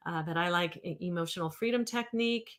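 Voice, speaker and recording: A woman in her fifties with a lowish voice hosts a casual livestream as a therapist. She rambles loosely from point to point and pauses to answer viewer comments. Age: 50s.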